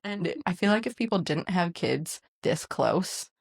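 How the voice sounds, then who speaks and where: A young woman co-hosting a casual podcast, a mother of two small children, who chats warmly, laughs often and voices quotes in a bright tone. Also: on the low side, expressive, unhurried, vocal fry, breathy edge, no room sound, clean studio sound. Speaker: podcast co-host. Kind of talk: casual chat.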